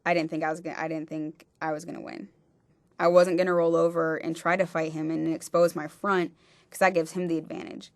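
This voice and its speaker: A woman recounting a personal experience in a halting way, often restarting her sentences. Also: sits low, little pitch movement, no room sound. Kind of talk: personal testimony.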